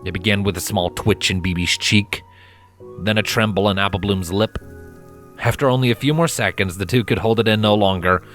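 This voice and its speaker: A man narrating a fanfiction story in a calm, steady read-aloud manner. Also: lowish voice, fairly quick, soft background music. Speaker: fanfiction reader.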